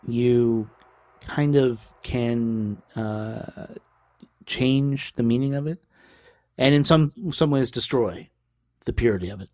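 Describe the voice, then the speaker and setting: A male music show host talking through records in a relaxed, unscripted way. His voice sits at an ordinary middle pitch, and he wanders through thoughts with plenty of fillers and restarts. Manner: loose and rambling, with fillers and self-corrections; laughs lightly between remarks. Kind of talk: casual music review chat.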